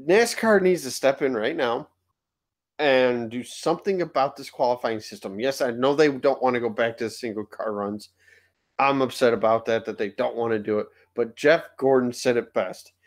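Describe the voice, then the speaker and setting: A young man co-hosting a laid-back podcast, ranting with exasperation about something that annoys him. His voice sits at an everyday middle pitch, and he sometimes drops it low to keep quiet. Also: moderate pace. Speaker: podcast co-host. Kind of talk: casual podcast rant.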